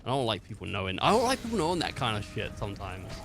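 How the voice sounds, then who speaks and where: A man's voice: on the low side, huge pitch swings, rapid-fire, gravelly, a bit bright, soft background music. A young man streaming a game, ranting in profane, rambling comic bits and acting out everyday characters. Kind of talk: casual gameplay commentary.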